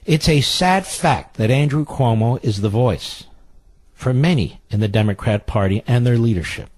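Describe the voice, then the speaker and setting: A man's voice: mid-range voice, animated, normal speed, a little mellow, dry recording. A middle-aged man hosting political talk radio, indignant and repeating phrases for emphasis. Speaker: radio talk show host.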